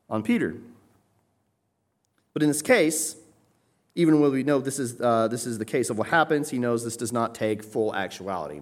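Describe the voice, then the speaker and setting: A man delivers an expository sermon, walking his listeners through a passage in plain, explanatory terms. He often pauses to check that they are following. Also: medium pitch. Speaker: preacher.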